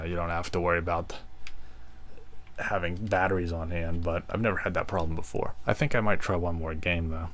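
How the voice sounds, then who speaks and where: A man hosting a gaming video, chatting casually over gameplay with a relaxed, rambling manner and frequent fillers. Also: sits low, slight background noise.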